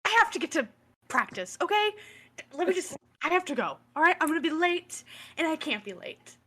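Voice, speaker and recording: A woman playing a prim, preppy teenage cheer captain in a tabletop role-play, sounding hurried and defensive. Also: high voice, very animated, bright, forceful tone, heavily acted. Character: preppy uptight teen cheer captain girl.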